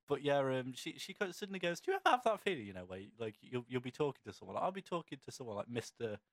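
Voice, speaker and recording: A man's voice: mid-range voice, very animated, a little fast, dry recording. A young man co-hosting a comedy podcast, telling rambling stories with many restarts and frequent laughter. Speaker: podcast co-host. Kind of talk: casual comedic chat.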